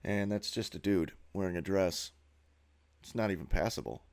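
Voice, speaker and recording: A man's voice: deep voice, normal speed, vocal fry, darkish tone. A man giving a sneering, profane monologue while narrating a slideshow as a video host.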